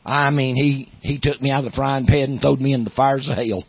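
Gravelly Southern preacher, rising to a roar. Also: male voice, steady tone, fairly quick, dull audio. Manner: builds from low storytelling to loud preaching. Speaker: pastor. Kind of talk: sermon.

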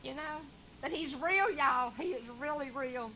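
A woman giving a tearful, fervent testimony, slowing down and rising in volume as she reads scripture. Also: high voice, bright, forceful tone, a little hiss or hum, poor audio. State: crying. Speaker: caller sharing a testimony. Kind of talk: emotional testimony.

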